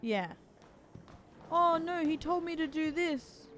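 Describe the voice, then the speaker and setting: A woman's voice: high voice, animated, slow pace, fairly bright tone. A woman streamer chatting casually and jumpily with her viewers while she plays a game. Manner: chatty, jumpy, talks to chat while playing. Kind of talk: casual live-stream chat while gaming. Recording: noisy game stream audio.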